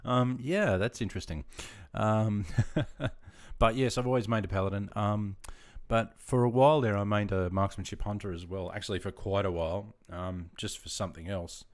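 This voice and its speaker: Brief: middle-aged Australian man, very deep voice, laid-back live-stream chat with viewers. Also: normal speed. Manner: relaxed and chatty, greets viewers by name. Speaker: gaming streamer.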